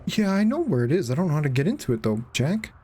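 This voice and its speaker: A man streaming a video game in casual chat, reacting out loud and swearing freely as he talks with viewers. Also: fairly high pitch, very animated, quick pace, husky. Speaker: gaming streamer.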